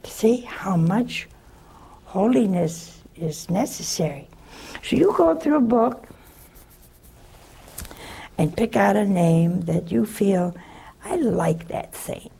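A religious sister answering a caller on a call-in show, telling stories in a folksy, chuckling way. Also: female voice, mid-range voice, animated, takes it slowly, vocal fry, long pauses, warm tone, husky. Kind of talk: call-in advice with storytelling.

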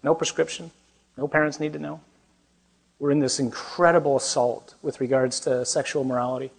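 A man's voice: mid-range voice, little pitch movement, moderate pace, vocal fry, slightly rough. A man, a Catholic priest, giving a conversational talk to a young adult group, asking the audience questions and adding joking asides.

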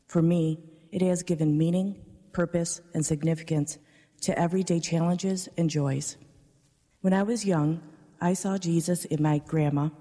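A woman, a parishioner, reading a prepared personal testimony in a church, earnest and steady. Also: low voice. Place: large church. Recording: long church reverb.

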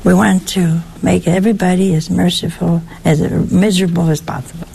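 A woman giving a conversational sermon in a folksy way, asking her listeners rhetorical questions and jumping up in pitch for emphasis. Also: level tone, fairly quick, gravelly, mellow, a little hiss or hum. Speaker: preacher.

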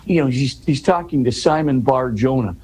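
A man's voice: mid-range voice, moderate pace, a little mellow, slightly rough, poor audio. A man, a guest in an interview, explaining scripture in earnest conversation. He restarts and repeats words, tags his points with "right?" and builds to emphatic questions.

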